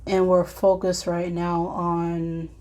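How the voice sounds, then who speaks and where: Slow, mellow-voiced woman tarot reader. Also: on the low side, completely flat delivery. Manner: reflective, talks straight to the viewer, sighs and soft asides. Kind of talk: collective tarot and oracle card reading.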